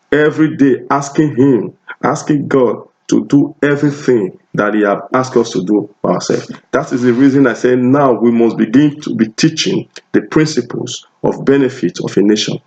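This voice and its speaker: A man's voice: medium pitch, vocal fry, darkish tone. A Nigerian man with a Nigerian accent preaching a sermon, emphatic and repetitive, often restarting his phrases. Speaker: pastor. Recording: dull lo-fi recording.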